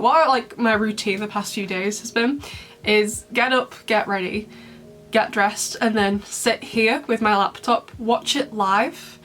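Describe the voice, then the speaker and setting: A woman's voice: medium pitch, fairly bright tone. A young woman chatting casually to camera, bubbly and rambling, laughing often. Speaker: YouTuber reviewing fan memes.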